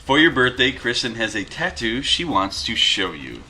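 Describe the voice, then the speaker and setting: Reading viewer mail aloud with asides, a Western New York man in his thirties vlogs casually from home as his dogs wrestle nearby. His mid-range voice is very animated and sharp in tone at a moderate pace, with slight background noise.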